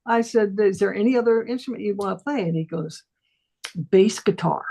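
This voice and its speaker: A middle-aged woman with a gravelly, husky voice tells a story in a casual conversation. She is a voice teacher, and she acts out each quoted line with big swoops up and down in pitch. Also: normal speed, mellow. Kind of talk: casual storytelling on a talk stream.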